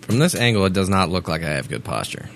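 Gravelly low-voiced joking man. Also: fast talker. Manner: joking, deadpan, swears casually. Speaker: stream co-host. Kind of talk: casual chat.

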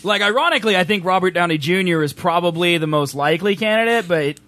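Animated joking young man. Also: high-pitched, quick pace, no room sound. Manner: joking, animated, laughs often. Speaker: podcast co-host. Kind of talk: casual banter.

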